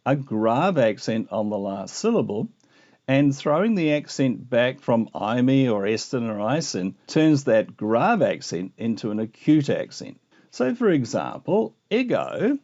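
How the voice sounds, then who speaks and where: Lively mellow-voiced male Greek teacher. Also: medium pitch, dull audio. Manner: patient, explanatory, reads out Greek phrases slowly then translates. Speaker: Greek teacher and textbook author. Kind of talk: recorded lecture walking through slides.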